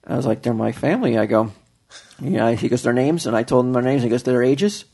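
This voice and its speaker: Gravelly man rambling through a story. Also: mid-range voice, a little fast, a little mellow. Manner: rambling, with many fillers and restarts. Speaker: podcast co-host telling a story. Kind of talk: casual storytelling chat.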